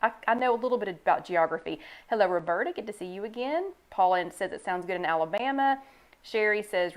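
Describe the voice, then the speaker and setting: An older woman hosts a casual live stream from home, talking into a desk microphone. She is chatty and relaxed, greeting viewers by name and reading their comments aloud. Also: mid-range voice, brisk, clean tone. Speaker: host of a live online chat. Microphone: new desk microphone.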